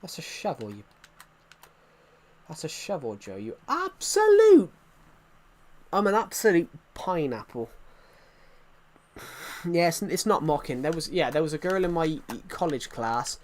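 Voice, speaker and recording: A man's voice: on the high side, animated, normal speed, long pauses. A young man chatting casually while livestreaming a game, rambling and poking fun at himself. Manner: rambling, self-mocking, easily sidetracked. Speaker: gaming livestreamer.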